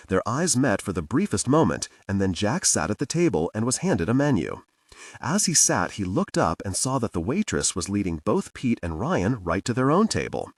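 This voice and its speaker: A man narrates a thriller audiobook in a measured storytelling way. His low voice is husky and rises and falls a lot. The recording is dry and sounds set back from the mic. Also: no room sound. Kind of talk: scripted narration. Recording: dry, distant-miked.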